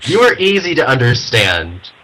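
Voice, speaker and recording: Guy hosting, expressive up-and-down voice, pretty bright tone, lots of uh-huhs. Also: medium pitch, moderate pace, low-quality recording. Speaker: host. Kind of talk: casual podcast chat.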